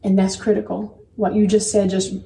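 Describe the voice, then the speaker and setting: Woman, thirties, earnest faith-based parenting chat, mellow tone, set back from the mic. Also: medium pitch, flat delivery, moderate pace, creaky. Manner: earnest, storytelling, repeats phrases for emphasis. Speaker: podcast co-host. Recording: roomy, distant mic, faint background noise.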